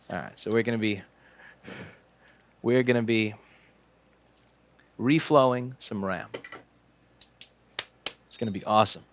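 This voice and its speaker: This late-twenties man streams live while fixing things, keeping up a rambling, sarcastic, joking banter as the host. His voice is fairly low and measured in pace, broken by long pauses.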